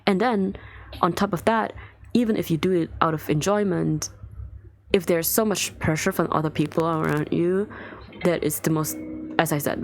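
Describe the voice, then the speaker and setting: A woman's voice: sits low, a little hiss or hum. A woman streamer ranting angrily to her chat, swearing often and sounding exasperated. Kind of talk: live-stream rant to chat.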